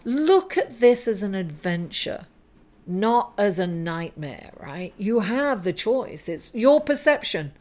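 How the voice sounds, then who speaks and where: A woman's voice: mid-range voice, big pitch swings, slow, darkish tone. Middle-aged lady doing a tarot reading, gushy and upbeat, keeps saying darling. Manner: effusive, calls listener darling; encouraging, upbeat. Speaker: tarot reader.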